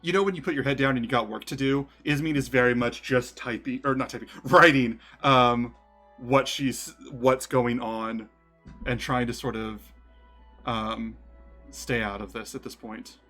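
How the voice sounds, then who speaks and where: A man's voice: mid-range voice, fairly even intonation, moderate pace, sharp tone, faint music behind. A man narrating a tabletop game as game master, in a casual storytelling way.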